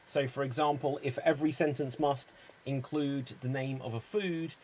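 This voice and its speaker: A man hosting an online improv comedy show, explaining the games in a brisk, upbeat way. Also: medium pitch, fairly even intonation, a little mellow.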